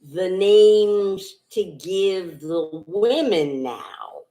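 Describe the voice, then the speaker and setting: A woman's voice: medium pitch, lively intonation, drawn-out words, dark tone. A middle-aged woman co-hosting a casual livestream, making dry remarks. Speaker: co-host, host's wife. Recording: echoey room.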